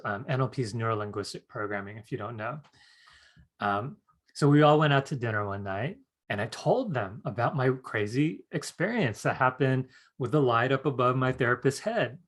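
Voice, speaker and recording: Animated storytelling man, workshop teacher. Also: mid-range voice. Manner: animated storyteller acting out quoted voices. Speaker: psychic development teacher.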